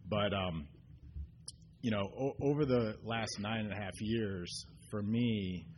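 A man with a very low voice speaks at a recovery meeting, earnest and halting. He stops and restarts often and fills pauses with ums. A faint noise sits under the recording. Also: darkish tone. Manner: earnest, getting choked up. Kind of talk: personal recovery share. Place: meeting room.

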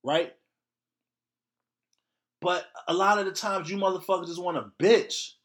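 Male podcast host, blunt and profane, slightly high voice, ranting solo to his audience. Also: unhurried, fairly bright tone.

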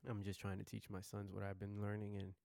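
Deep-voiced guy with a gravelly edge, chatting his story out loose and excited, dry close mic. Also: a little fast, no echo. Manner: excitable, repeats himself, restarts sentences. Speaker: podcast host. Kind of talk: casual storytelling monologue.

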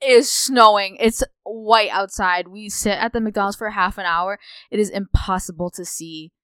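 A young woman co-hosting a podcast, telling a story in a profane, animated way. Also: medium pitch, moderate pace, smooth, no room sound. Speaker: podcast co-host. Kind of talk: casual chat.

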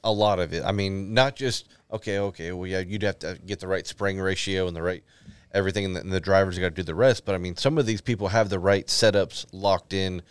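A man's voice: low-pitched, fairly even intonation, a little fast, clean tone, no room sound. A middle-aged man co-hosting a podcast in casual chat. He talks in an easygoing way and teases the others. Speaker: podcast co-host.

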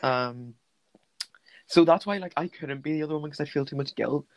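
A young man co-hosting a podcast, chatting casually as a camp, animated storyteller with slangy quips. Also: fairly high pitch, brisk, dry recording, low-quality recording. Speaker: podcast co-host. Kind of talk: casual chat.

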